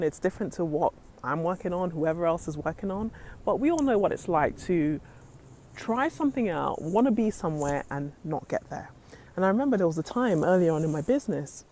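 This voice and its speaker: A woman speaks in an earnest, inspirational way, recording herself on a handheld phone. Her voice sits on the low side for a woman. A faint background hum runs under her talk. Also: warm tone. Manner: earnest, faith-driven, repeats "literally". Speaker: motivational vlogger. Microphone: handheld phone camera.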